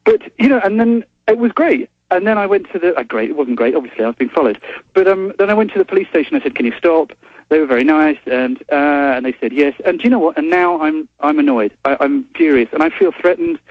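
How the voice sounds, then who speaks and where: Brief: polite, hesitant English caller, slightly high voice, dull dry phone line. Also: male voice, animated, fast talker, no room sound. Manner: hesitant, polite, stammering restarts. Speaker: journalist calling in as guest. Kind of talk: phone-in interview. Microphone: telephone.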